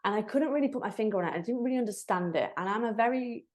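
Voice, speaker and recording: Racing along in a somewhat high voice, a woman tells her personal story on a podcast interview. She's a breathwork facilitator who speaks candidly and reflectively, with animated quoted asides.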